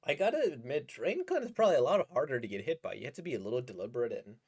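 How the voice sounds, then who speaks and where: Lively, rambling man reacting to manga. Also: mid-range voice, very fast, slightly rough. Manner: rambling, enthusiastic, laughs often. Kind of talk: casual reading reaction commentary.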